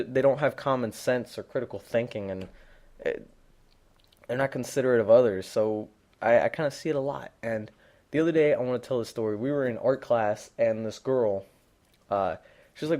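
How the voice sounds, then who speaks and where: A man's voice: medium pitch, a little mellow. Rambling teenage boy gamer. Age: teens. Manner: rambling, blunt, many fillers and restarts. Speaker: gaming commentator. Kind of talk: unscripted gameplay commentary.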